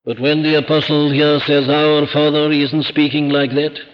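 A man preaching a sermon, emphatic and rhetorical, slowing down to stress key words. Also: on the high side, little pitch movement, big-room sound. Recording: dull lo-fi archive recording.

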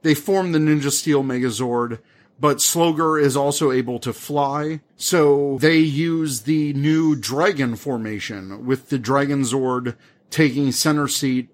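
A man co-hosting a casual podcast, animated and exasperated, laughing often as he talks. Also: mid-range voice, unhurried. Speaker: podcast co-host reviewing episodes. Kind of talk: casual chat.

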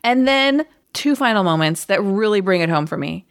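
A woman's voice: medium pitch, normal speed, smooth, dry recording, studio quality. A woman co-hosting a casual movie review podcast, telling her story with feeling. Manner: emotional, animated storyteller. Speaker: podcast co-host.

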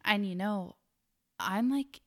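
A middle-aged woman co-hosting a podcast, chatting casually and telling a story, lively, sometimes dropping to a whisper. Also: medium pitch, slow pace. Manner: animated, drops to whispers when telling spooky parts. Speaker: podcast co-host.

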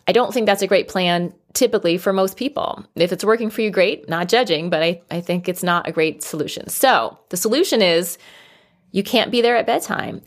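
Female sleep consultant, casual and animated, mid-pitched, acts out short quotes. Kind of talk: casual advice talk.

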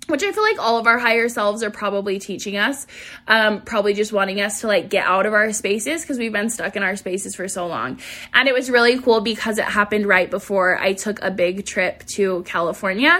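A bubbly young woman hosts her own podcast in a casual, chatty way. Her voice is bright and a little high, and it swings with a lot of inflection. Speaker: podcast host. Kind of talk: casual solo podcast intro.

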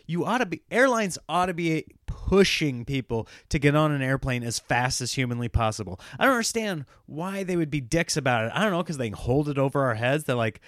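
A man's voice: a little high, very animated, moderate pace, no echo, studio quality. An American man, a comedian, ranting casually and sarcastically, often laughing at his own points.

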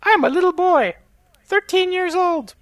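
A man doing a high, chirpy boy chatbot. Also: a little slow, a bit bright, dry recording. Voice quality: high boyish put-on voice. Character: 13-year-old boy chatbot, glib and odd.

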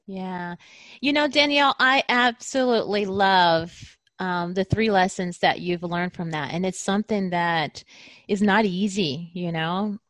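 A woman hosts a podcast, speaking in an effusive, encouraging way as she asks her guest follow-up questions. Her voice sits at a middle pitch, and it is recorded close and dry. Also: unhurried, no echo. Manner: warm-hearted and effusive, asks follow-ups. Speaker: podcast host. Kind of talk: podcast interview.

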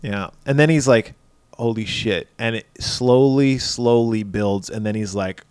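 A man's voice: medium pitch, measured pace, clean tone, no room sound. A man co-hosting a podcast, swearing freely as he retells a movie scene by scene and acts out the characters. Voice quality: profane, animated retelling with character voices. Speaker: podcast co-host. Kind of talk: casual film chat.

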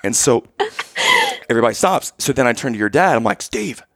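A man telling a story in casual chat, animated, and often checking in with "okay?" and "right?". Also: medium pitch, fast, no room sound, clean studio sound. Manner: acts out quoted lines in raised voice.

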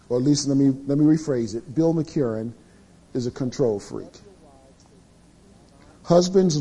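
A middle-aged man preaching a sermon to men, telling confessional stories in an animated way. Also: medium pitch, husky.

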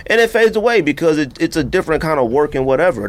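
A man co-hosting a casual podcast, ranting in an animated way with lots of filler words. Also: fairly high pitch, fast. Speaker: podcast co-host.

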